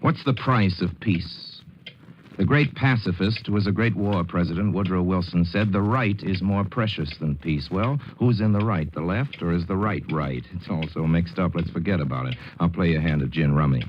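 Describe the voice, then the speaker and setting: Deep voiced guy doing a wry dramatic radio commentary, old muffled 40s broadcast. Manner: wry, theatrical and deliberate. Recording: dull, hissy 1940s radio broadcast.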